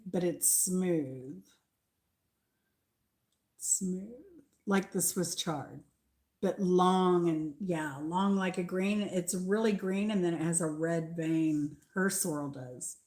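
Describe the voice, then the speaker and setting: An older woman with a light Southern American accent chats her way through a garden tour. She talks slowly and unhurriedly, drifting between thoughts with pauses. Her voice sits a little low for a woman. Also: darkish tone. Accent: Southern American mix. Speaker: channel host. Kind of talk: casual garden tour chat.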